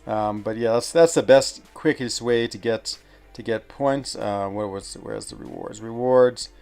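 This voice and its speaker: A man chatting casually on a game stream, wandering from thought to thought and filling pauses with "um" and "what you call it." His pitch sits in an ordinary middle range. Soft game music plays faintly underneath him. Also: gravelly. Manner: rambling, many fillers and searches for words. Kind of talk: casual live-stream chat.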